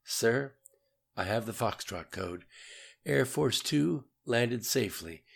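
A man voicing a dutiful young male airman giving crisp reports in an audiobook. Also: medium pitch, lively intonation, takes it slowly, full character voice.

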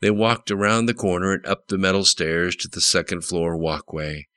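A man narrating an audiobook with steady, plain storytelling. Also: low voice, moderate pace, smooth, dry recording.

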